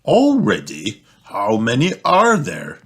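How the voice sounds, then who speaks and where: A jolly, easygoing father pig from a picture book, deep and hearty, as a man reading aloud voices him. He speaks slowly and with plenty of lilt. His tone stays warm and fatherly. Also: expressive, full character voice. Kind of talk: storybook read-aloud.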